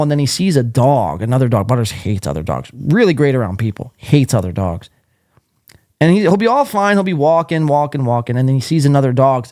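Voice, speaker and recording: A man's voice: on the high side, darkish tone, dry recording, studio quality. A man hosting a live podcast, riffing in crude, mocking commentary. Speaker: podcast host.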